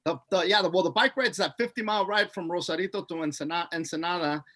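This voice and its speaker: A man's voice: sits high, quick pace, sharp tone. A man who is a podcast guest, telling a rambling, profanity-laced party story.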